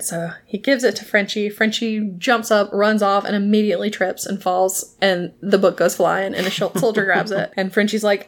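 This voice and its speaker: A woman with a medium-pitched, fairly even voice casually recaps a TV episode. She laughs a lot and acts out characters' lines in quick bursts.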